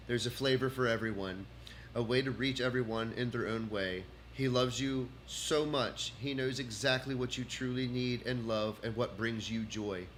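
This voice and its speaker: A comedian with a Texas accent and a medium-pitched, fairly bright voice rambles through his notes on a livestream. He keeps starting over in this casual monologue, with a bit of hum underneath.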